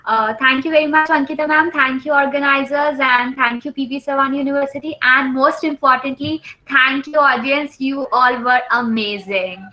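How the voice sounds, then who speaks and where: Bright high-voiced woman moderating. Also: fairly even intonation, normal speed, hardly any pauses. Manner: polite, formal. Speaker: webinar moderator. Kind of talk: moderating a webinar Q&A. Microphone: video call. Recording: dull webinar audio.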